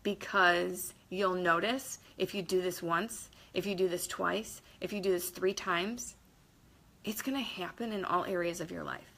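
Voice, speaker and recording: A motivational vlogger talks casually to camera, emphatic and blunt, with mild swearing and quotes acted out in varied voices. Her lowish voice is steady, unhurried, creaky and a bit bright.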